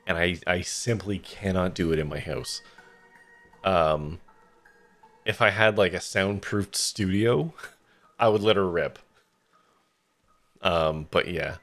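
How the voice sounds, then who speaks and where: A man's voice: sits low, slow pace, pauses often, a bit bright, soft background music. A man streaming a game, chatting casually in a rambling way with lots of fillers. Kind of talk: casual let's-play commentary.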